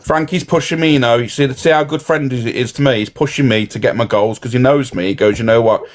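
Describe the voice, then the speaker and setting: Fast-talking man chatting on a livestream. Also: mid-range voice. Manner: rambling, swears often, repeats "you know". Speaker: livestream host. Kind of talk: casual live chat.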